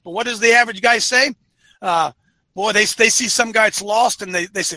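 A middle-aged man hosting a men's ministry show, preaching emphatically, repeating phrases and swinging from quiet to loud. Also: sits high, brisk, no echo, poor audio. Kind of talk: preaching-style monologue to listeners.

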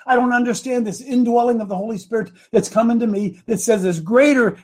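A man preaching a sermon, fervent and folksy, climbing into loud emphatic passages when he reads scripture. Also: extremely high pitch, fairly quick, few pauses, background noise. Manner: fervent, rising to shouts on scripture, folksy asides.

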